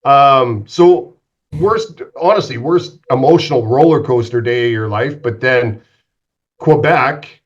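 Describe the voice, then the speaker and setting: A former pro goalie from western Canada spins animated, profane stories, acting out everyone he quotes. His voice sits in an average male range. The recording is a little dull and lo-fi. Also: mid-range voice, a little slow. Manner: animated, swearing, acts out quotes. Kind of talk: casual storytelling interview. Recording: slightly dull lo-fi sound.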